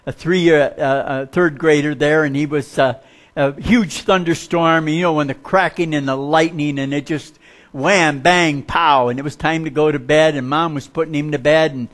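A man preaching a sermon, telling folksy stories with humor and dropping to a hushed voice for suspenseful parts. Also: fairly high pitch.

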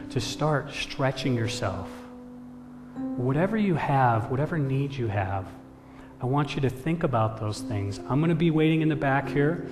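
A male pastor gives an earnest, measured sermon in an ordinary mid-range voice. A long reverb from the church hall follows his words, and faint music sits under the speech. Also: medium pitch. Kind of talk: sermon with storytelling.

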